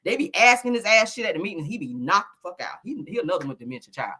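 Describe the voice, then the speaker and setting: A woman speaks as she hosts a loose, laughing gossip commentary show, swearing freely and acting out what people said. Her voice is bright and swings widely in pitch, jumping up when she gets excited. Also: quick pace, breathy edge. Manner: laughing often, profane, acts out voices and quotes.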